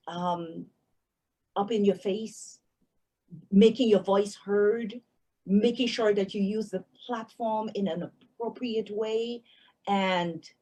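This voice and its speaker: A woman's voice: medium pitch, warm tone, husky, rough recording. A woman hosting an interview who speaks in an earnest, emphatic way. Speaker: radio host.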